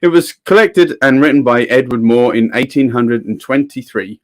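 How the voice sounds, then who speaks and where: A man's voice: medium pitch, normal speed. Chatty man hosting a stream. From England. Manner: chatty, reads out viewer comments. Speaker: livestream host. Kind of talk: casual livestream chat.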